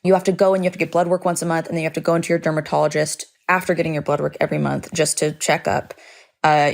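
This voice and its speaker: A woman's voice: low voice, vocal fry. A woman hosting a podcast, telling a personal story in a chatty, dramatic way, full of "like" fillers and casual swearing. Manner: vivid, dramatic retelling. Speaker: podcast host.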